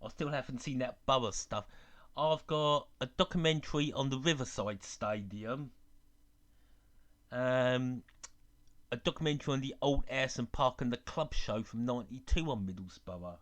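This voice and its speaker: Here the same kind of streamer talks at medium pitch and normal speed: an English man whose accent mixes London with Dublin. Between plays he reads out viewer chat, keeping his football commentary relaxed and chatty.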